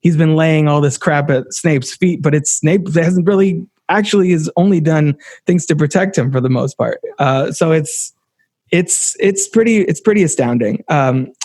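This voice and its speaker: A man with a fairly high voice recaps a film on a podcast, eager and openly moved by it. His voice sits close and dry. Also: normal speed, a little mellow, dry recording. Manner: enthusiastic, emotional retelling, light laughs. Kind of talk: casual film discussion.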